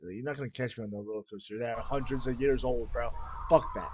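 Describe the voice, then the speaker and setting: A man's voice: mid-range voice, steady tone, quick pace, background noise. A young man hosting a reaction video, chatting casually in slangy, profane talk and saying bro constantly.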